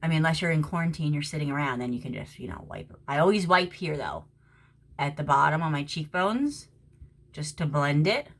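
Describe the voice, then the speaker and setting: A middle-aged woman from Florida chatting casually at home as she does her makeup, talking to a friend and sometimes dropping to a soft whisper. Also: sits low, animated, brisk. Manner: chatty, talks to a friend while doing makeup, drops to soft whispers at times. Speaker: makeup vlogger. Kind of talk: casual makeup tutorial chat. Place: at home during quarantine.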